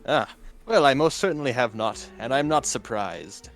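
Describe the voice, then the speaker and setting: A man's voice: mid-range voice, expressive, normal speed, loud music behind the voice. A man playing a pompous lord in a tabletop game, hesitant and full of fillers. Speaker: player. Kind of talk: in-character tabletop play.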